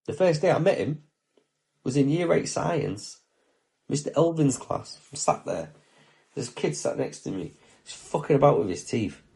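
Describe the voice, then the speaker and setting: Gravelly, sweary man. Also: mid-range voice, big pitch swings, moderate pace, darkish tone. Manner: heavy swearing, slangy, heartfelt. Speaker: podcast host. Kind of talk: casual storytelling.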